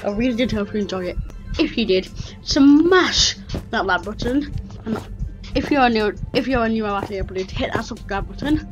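A woman's voice: mid-range voice, brisk. A woman hosting a gaming channel, chatting casually while building and often trailing off mid-sentence. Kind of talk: casual gameplay commentary. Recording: dull lo-fi mic with faint music.

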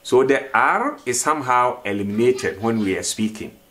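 A man's voice: medium pitch, expressive, a bit bright. A man teaching a vocabulary lesson, repeating each word and asking questions for the learner to answer. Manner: slow, repeats words and asks questions. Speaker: language teacher.

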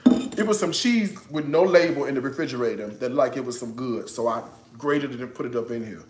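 A man's voice: medium pitch, animated, brisk, reverberant, a little hiss or hum. A man hosting a casual cooking livestream, chatty and joking, breaking into laughter as he talks. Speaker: cooking show host.

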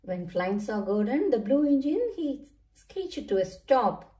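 A woman reading a children's picture book aloud in a slow, sing-song storytelling manner. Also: on the high side, very animated, mellow. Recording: echoey room, mic far off.

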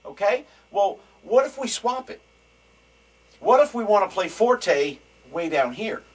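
A man's voice: sits high, very animated, measured pace, over loud music. A man teaching a drum lesson in a loose, rambling, joking way. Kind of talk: casual video lesson. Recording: distant mic with faint noise.

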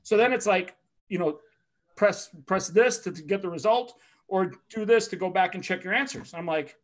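A man telling a personal story in a casual talk, animated and profane, acting out the other people in it and laughing along the way. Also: high voice, moderate pace. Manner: excitable, swears often, acts out other people's lines with shouting and laughter. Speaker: podcast host telling a story.

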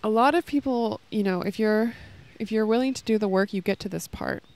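Creaky and a little mellow, this mid-range female voice moves fairly quickly. She's a podcast host in her thirties, sitting outdoors in a park as children play nearby, offering a casual spiritual talk on love and self-worth that rambles earnestly with many fillers.

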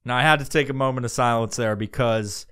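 A man's voice: mid-range voice, fairly quick, clear, resonant tone. A man hosting a podcast, telling a comedic story casually, with lots of swearing and rambling asides. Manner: profane, rambling and animated. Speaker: podcast host.

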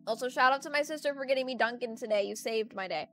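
With a high, bright, forceful voice, a young adult woman streams from home at a normal speed, pausing often. Her casual chat is talkative and ranty, full of laughter, with a playlist faintly audible.

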